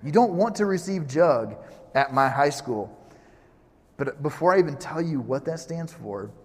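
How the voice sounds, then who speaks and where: A pastor in his thirties giving a casual sermon, telling stories in a relaxed, joking way with lots of asides. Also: a little high, unhurried, breathy edge. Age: 30s. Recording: long reverb of a large hall.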